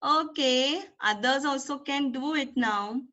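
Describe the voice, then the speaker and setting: A woman preschool teacher with an Indian English accent, telling a story to young children in an animated way and asking them questions, on a dull lo-fi recording. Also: high-pitched, takes it slowly.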